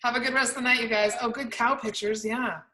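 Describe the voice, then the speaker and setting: A woman's voice: a little high, steady tone, fast, pushed and bright. A woman co-hosting a podcast over a video call, chatting casually and bursting into laughter often. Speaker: podcast co-host. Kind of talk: casual chat. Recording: roomy video call audio.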